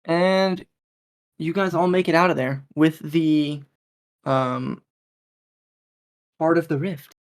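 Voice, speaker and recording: A calm game master runs a tabletop role-playing session, narrating the scene and speaking for the characters the players meet. The voice sits in a middle pitch range. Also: slow, long pauses.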